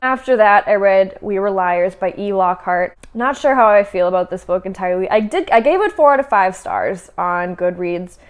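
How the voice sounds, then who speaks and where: Young woman rambling casually about books, lots of likes and ums, mid pitch. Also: lively intonation, normal speed, few pauses. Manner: chatty, lots of filler words and restarts. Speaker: book vlogger. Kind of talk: casual chat.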